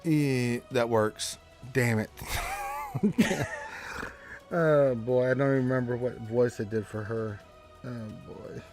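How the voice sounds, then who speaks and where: A man's voice: medium pitch, slow pace, music in the background. A man running a tabletop game as game master, joking and exasperated, swearing now and then.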